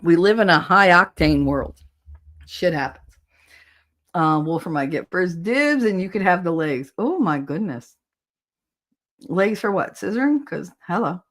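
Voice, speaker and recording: A woman's voice: lowish voice, expressive, measured pace, long pauses, a bit bright. A woman from New Jersey hosting a casual livestream, reading chat comments, blunt and swearing and often laughing. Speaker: host.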